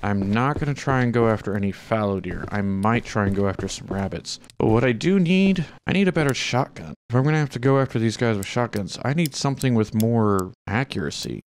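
A man with a lowish voice giving relaxed, chatty commentary over his own gameplay. He talks to the animals on screen and swears only mildly. A faint hiss of noise sits under the recording. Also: fairly quick, hardly any pauses. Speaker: gaming channel host.

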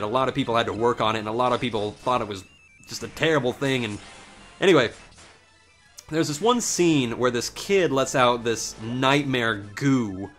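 A man's voice: mid-range voice, a bit bright. A young man casually commentating a game while telling a long rambling story, swearing freely and reacting with sudden exclamations. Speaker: let's play commentator.

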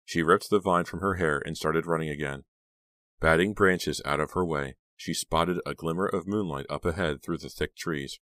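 A man narrating a horror audiobook in a steady, measured way. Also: a bass voice, dry recording, studio quality.

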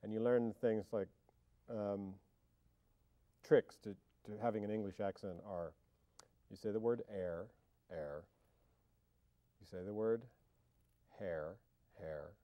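A man's voice: fairly low pitch, steady tone, fairly quick, no echo, muffled recording. A man being interviewed about his acting, talking casually and wryly, joking and trailing off in fillers and restarts. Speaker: film actor interviewee.

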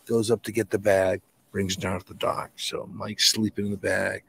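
A middle-aged man from New England, a guest telling a paranormal encounter story in a colloquial, swearing, animated way. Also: fairly low pitch, fairly quick, creaky, slightly rough. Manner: colloquial, swears casually, restarts often. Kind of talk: animated storytelling in a podcast interview.

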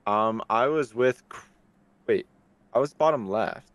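A man's voice: mid-range voice, unhurried, no echo. A man in online game voice chat, defensively insisting he is innocent in slangy, offhand speech. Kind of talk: casual multiplayer gaming chat.

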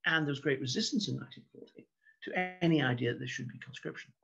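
Man, history lecture, measured storytelling, wry asides, husky voice, dull lo-fi sound. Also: medium pitch, fairly bright tone, faint music behind. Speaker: local historian giving a talk. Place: indoors, online broadcast talk. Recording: dull lo-fi recording.

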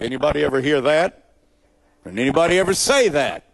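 A man preaching his own testimony in a gravelly, mid-pitched voice, building to loud peaks and then dropping to near-hushed asides. The sound is close and dry, with little room around it. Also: lively intonation, fairly quick, dry recording. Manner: dramatic storyteller, swinging from loud high emphasis to quiet low asides. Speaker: evangelist telling his testimony. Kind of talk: sermon testimony storytelling.

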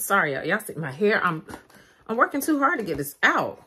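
Young woman, chatty vlogger; very lively pitch, noisy street and car background. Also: fairly quick. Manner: chatty, animated, laughs often, talks to viewers as "y'all". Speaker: beauty vlogger. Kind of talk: casual vlog chat. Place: in a car, then outdoors at night in the cold.

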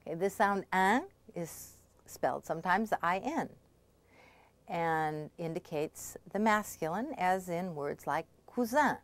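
A woman language instructor giving a scripted pronunciation lesson, explaining patiently and clearly and checking in often. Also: on the low side, a little slow, no room sound.

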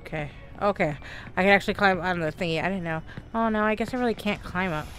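A woman's voice: lowish voice, fast talker, fairly bright tone. Chatty Southern woman gaming streamer. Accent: Southern American. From Texas, USA. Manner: chatty, exclaiming, talks to herself. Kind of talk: live gameplay commentary.

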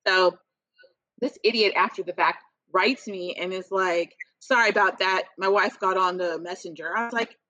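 Woman podcast co-host, bright and forceful, blunt animated storyteller, dry muffled sound. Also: medium pitch, moderate pace, no room sound. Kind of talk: casual chat.

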